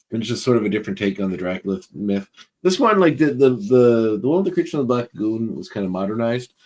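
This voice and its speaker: Rambling man with a lowish voice. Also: a little mellow. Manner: rambling, heavy use of filler words. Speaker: podcast co-host. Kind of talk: casual chat.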